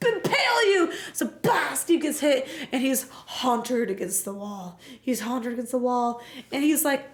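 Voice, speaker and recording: A young woman streamer giving a casual, jokey and profane recap of a game, telling it with animated energy. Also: fairly high pitch, unhurried.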